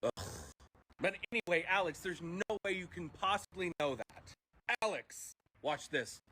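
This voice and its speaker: A streamer reading a funny story aloud on a live stream, animated and profane, laughing easily. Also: mid-range voice, unhurried, slight background noise, rough recording.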